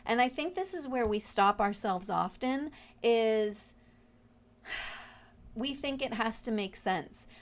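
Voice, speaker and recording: A woman giving a casual, reflective weekly oracle card reading, speaking gently and wandering through her thoughts with frequent fillers and restarts. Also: on the high side, lively intonation, slow pace. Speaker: spiritual guide reading weekly oracle cards.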